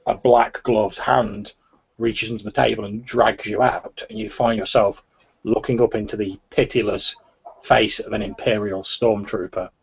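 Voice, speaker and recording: A man's voice: on the low side, fairly even intonation, normal speed, vocal fry, husky, lo-fi sound. A man narrating a tabletop role-playing game as game master, with frequent restarts. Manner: hesitant, many restarts.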